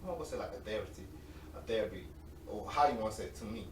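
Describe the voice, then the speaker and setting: A man in his late twenties, an interview guest, telling animated, slangy stories and laughing often. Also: on the low side, very fast. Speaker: interview guest, semi-pro football player. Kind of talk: casual storytelling. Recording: roomy, distant mic with faint noise.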